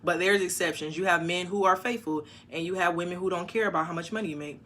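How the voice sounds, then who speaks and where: A woman on a casual livestream, reading viewer comments aloud and answering them frankly, with sudden loud bursts. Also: fairly low pitch, quick pace, background noise. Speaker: YouTuber answering live chat. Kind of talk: casual live-stream chat.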